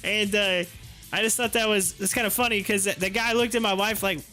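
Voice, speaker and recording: A man's voice: high-pitched, fairly even intonation, fairly quick, sharp tone, soft background music. A man hosting a live stream from home, chatting casually and telling a story with frequent laughs and restarts.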